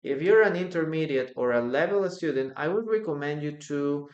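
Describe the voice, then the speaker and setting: A man teaching English in a live online class, slowly repeating example sentences and stressing them to drill the correct pattern. He is a native Spanish speaker. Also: a little high, animated, reverberant, muffled recording. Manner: slow, repeats example sentences with raised emphasis.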